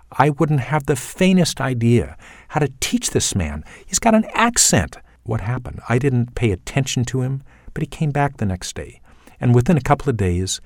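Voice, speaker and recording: A middle-aged man from Canada, a coach telling about his teaching in short phrases with pauses and restarts. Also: on the low side, darkish tone, dry recording, studio quality. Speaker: accent coach for actors. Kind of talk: casual spoken account.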